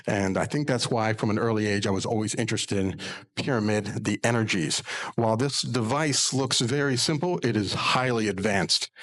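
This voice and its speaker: Earnest storytelling man, low voice. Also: normal speed, fairly bright tone, rough recording. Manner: earnest, folksy, with rhetorical "right?" tags. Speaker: spiritual healer and pyramid meditation teacher. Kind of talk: storytelling monologue.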